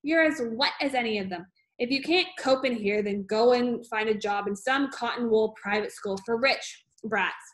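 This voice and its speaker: A woman's voice: on the high side, normal speed, close to an everyday voice. A woman reading aloud, voicing a bullying, scornful headmistress with a harsh, barking manner.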